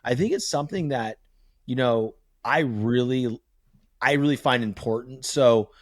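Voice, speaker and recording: A man's voice: medium pitch, measured pace, no echo, studio quality. A man in his thirties hosting a casual podcast, telling stories animatedly and swearing freely. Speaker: podcast host.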